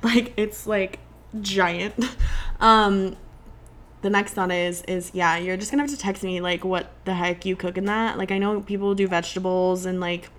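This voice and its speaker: A woman's voice: medium pitch, little pitch movement, moderate pace, fairly bright tone. A woman co-hosting a podcast in casual chat, talking in long rants full of "like". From Illinois. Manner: chatty, ranting, peppered with "like". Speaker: podcast co-host.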